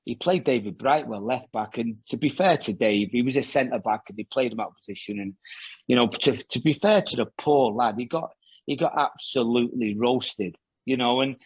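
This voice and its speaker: A former footballer tells long, wandering stories, doubling back with fillers and restarts. His voice is husky with a slightly breathy edge. The sound is dry and close. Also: medium pitch, expressive, moderate pace, dry recording. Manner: rambling anecdotes with many restarts and fillers. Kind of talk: casual storytelling interview.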